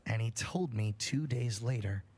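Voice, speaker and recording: A man's voice: mid-range voice, a little slow, heavy background noise. A man on a livestream telling a scary story in a casual, profane way, building suspense. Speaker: streamer.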